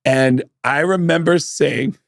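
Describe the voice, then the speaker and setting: A man co-hosting a podcast, telling animated stories with plenty of swearing and acted-out quotes. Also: on the high side, slow pace, creaky, no room sound, studio quality. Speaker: podcast co-host. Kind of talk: casual storytelling chat.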